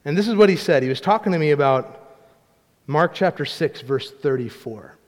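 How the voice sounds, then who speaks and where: A man's voice: a little high, expressive, moderate pace, big-room sound. A man preaching a sermon as a pastor, in a conversational style with family stories and frequent restarts.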